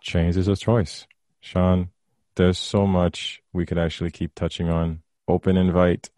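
A man hosting a podcast interview, speaking in an earnest, grateful and measured way. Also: sits low, little pitch movement, mellow, dry recording, studio quality. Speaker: podcast host. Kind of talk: interview chat.

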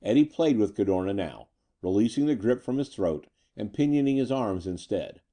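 A man narrating a pulp story in a measured, dramatic reading. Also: fairly low pitch, expressive, warm tone.

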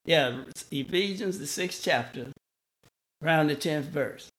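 A man delivers a sermon at a slow, deliberate pace. His voice sits a bit higher than most men's. He leans on repetition and restarts words for emphasis. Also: a bit bright. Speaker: preacher.

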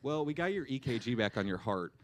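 Deadpan man telling a story. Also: mid-range voice, fast. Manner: deadpan, acts out dialogue. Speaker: co-host. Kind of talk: casual storytelling chat.

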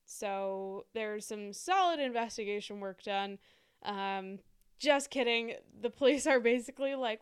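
A woman's voice: a little high, a little slow, smooth. A woman co-hosting a casual podcast, chatting with frequent "like" and "um" fillers. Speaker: podcast co-host. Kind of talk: casual conversational chat.

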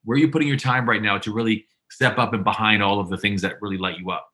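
A man's voice: fairly low pitch, fairly even intonation, fast, sharp tone. A man hosting an interview podcast, enthusiastic and prone to repeating words as he frames questions. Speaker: podcast host.

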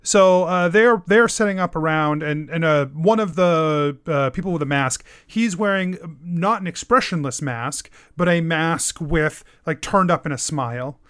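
Slow-talking man running a tabletop game. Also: a little high, fairly bright tone, clean tone, no room sound, studio quality. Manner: slow, filler-heavy description. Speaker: game master.

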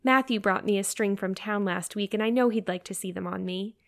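A woman's voice: medium pitch, a little fast, creaky, lightly acted. A woman reading aloud, voicing an eager, dreamy teenage girl who talks effusively. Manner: romantic, effusive.

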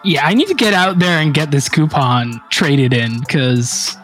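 A player in a tabletop game with a dry, deadpan manner. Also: mid-range voice, a little slow, soft background music. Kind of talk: casual tabletop play.

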